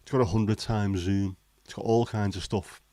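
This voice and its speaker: A deep-voiced man talks casually on a livestream. His tone is blunt and cynical, full of swearing and banter. The sound is dry and close. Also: steady tone, normal speed, dark tone, no room sound. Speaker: livestream host. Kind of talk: casual chat.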